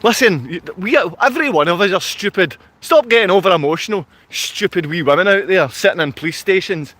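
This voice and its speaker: A man with a piercing, very high voice rants at his viewers in a livestream. He hurls insults and yells as he talks, tense and forceful throughout. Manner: ranting, insulting, yelling at viewers. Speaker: vlogger. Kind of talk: angry livestream rant. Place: outdoors in his town.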